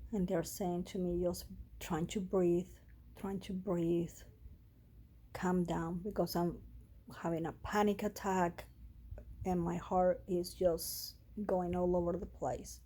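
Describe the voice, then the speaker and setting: Woman vlogger, halting emotional storytelling, slow, husky. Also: fairly low pitch, dark tone. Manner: emotional, halting, with pauses and restarts. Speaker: vlogger sharing a personal health story. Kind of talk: personal storytelling vlog.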